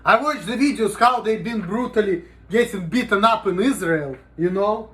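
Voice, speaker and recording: A man's voice: high-pitched, moderate pace, fairly bright tone. A man talking casually in a rambling, profane vlog monologue, with "you know" in almost every sentence. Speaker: vlogger.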